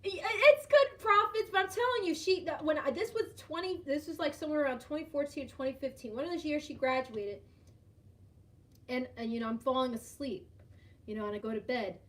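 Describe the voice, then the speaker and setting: A woman hosts a casual live stream chat, speaking a little fast in a high-pitched voice. Animated and laughing often, she tells a story and greets viewers by name.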